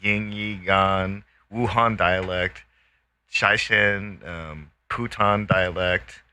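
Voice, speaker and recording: A man with a lowish but very bright, forceful voice slowly lists one item after another in a podcast chat. His delivery is deliberate and the sound is dry and close. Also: fairly even intonation, clean tone. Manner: slow, deliberate, reciting a list. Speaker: podcast guest. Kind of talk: casual discussion.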